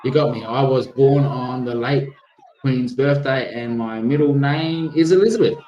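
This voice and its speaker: A rambling Australian man thinking out loud on a casual livestream. His pitch sits in the middle, and he drifts from topic to topic while reading out names from the chat. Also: moderate pace, muffled recording, a little hiss or hum. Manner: rambling, musing aloud, reads chat names. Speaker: livestream co-host.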